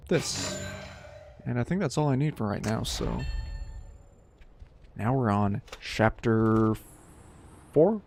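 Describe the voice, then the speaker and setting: A man's voice: mid-range voice, gravelly, darkish tone, a little hiss or hum. A man casually commentating while streaming a video game, joking, sarcastic and rambling.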